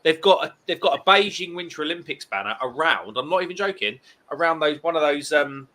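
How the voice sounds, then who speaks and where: A man's voice: a little high, expressive, a little fast, sharp tone. A man in his thirties co-hosting a casual late-night live stream chat, reading viewer comments and ranting animatedly.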